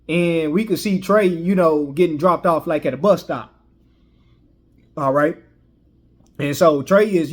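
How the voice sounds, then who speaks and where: A man's voice: fairly high pitch, darkish tone. Rambling man recapping a movie. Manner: rambling, frequent "you know" fillers and restarts. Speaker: movie reviewer.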